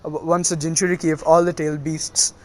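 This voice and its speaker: A man's voice: a little high, flat delivery, brisk, natural voice. A man voicing a cheeky, teasing young male ninja in an easygoing tone. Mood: friendly.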